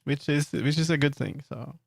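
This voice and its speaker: A man's voice: fairly high pitch, moderate pace, gravelly, a little mellow, no room sound, studio quality. A man from Sweden with a Swedish accent, chatting casually on a livestream in a rambling, self-amused way full of restarts. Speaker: streamer.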